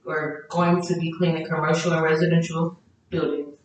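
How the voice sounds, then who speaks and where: A woman's voice: deep voice, level tone, normal speed. A woman guest chatting casually on a podcast about her businesses, rambling with fillers and restarts. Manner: rambling, self-correcting with many fillers. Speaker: guest small-business owner. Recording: very echoey room, mic far off.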